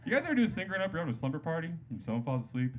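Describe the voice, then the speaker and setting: A man performing a stand-up set on a comedy club stage into a handheld mic, loose and jokey, breaking into loud voiced-up quotes. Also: on the high side, big pitch swings, rapid-fire. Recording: live club set with loud audience noise. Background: loud audience laughter.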